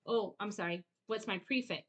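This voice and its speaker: A woman's voice: mid-range voice, moderate pace. A woman teaching her child to read at home, patiently repeating words and asking short quiz questions. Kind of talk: home phonics lesson.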